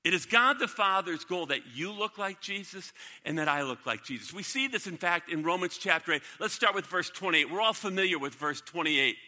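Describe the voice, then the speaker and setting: A man's voice: sits high, lively intonation, brisk, few pauses, bright, forceful tone. A male pastor preaching a sermon in a church, emphatic, repeating key lines and putting questions to the congregation. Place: church sanctuary. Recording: long reverb of a large hall.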